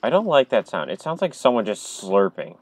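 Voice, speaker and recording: A man on a headset at home, playing a horror game in casual commentary, jumpy and chatty with viewers, breaking into loud startled outbursts. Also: lowish voice, very animated, a little fast, low-quality recording. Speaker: gamer streaming a horror game.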